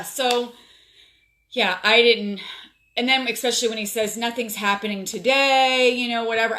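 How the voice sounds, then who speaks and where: A woman's voice: medium pitch, pushed and bright. A woman from South Florida chatting on a home live stream from her phone, telling a story with lots of fillers and emotion. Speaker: livestream host. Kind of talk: casual live stream chat.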